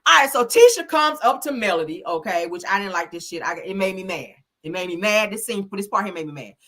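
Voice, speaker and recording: A woman hosting a live stream, recapping a reality show episode in a sassy, blunt, animated way. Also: medium pitch, fairly quick. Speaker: host.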